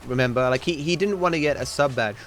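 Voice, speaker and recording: A man's voice: medium pitch, quick pace, a bit bright, soft background music. A man streaming a video game, chatting casually and rambling in reply to his chat. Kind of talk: casual livestream chat while gaming.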